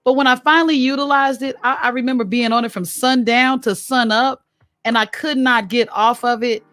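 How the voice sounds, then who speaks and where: A woman hosting a podcast interview, talking in a lively, chatty way and laughing often. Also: a little high, moderate pace, no room sound, studio quality. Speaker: podcast host. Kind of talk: casual interview chat.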